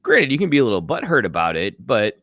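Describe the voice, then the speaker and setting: A man's voice: medium pitch, wildly swooping pitch, fast, a bit bright, dry recording, studio quality. A man co-hosting a sports podcast, talking casually in a wry, reasoning way. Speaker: podcast co-host.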